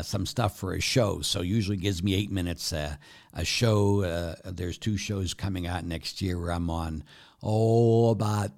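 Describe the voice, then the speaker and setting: A middle-aged man, a Catholic priest, preaching a casual, animated sermon and acting out little dialogues. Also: deep voice, creaky. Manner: animated, acts out dialogue in voices.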